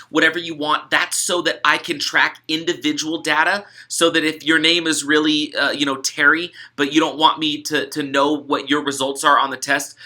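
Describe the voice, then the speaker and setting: A young adult man talks through the steps of a gratitude study in a relaxed, chatty way, stumbling over words now and then. His voice is fairly high and very bright. He sounds upbeat and eager. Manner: upbeat, chatty, with fillers and restarts. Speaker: author running a gratitude study. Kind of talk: casual instructional video talk.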